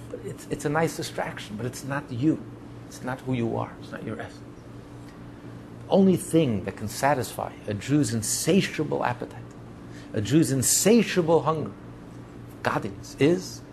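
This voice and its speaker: A man's voice: medium pitch, a little mellow, a little hiss or hum. A man preaching as a rabbi in an impassioned sermon, piling up repeated phrases for emphasis. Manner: repetitive, building emphatic lists.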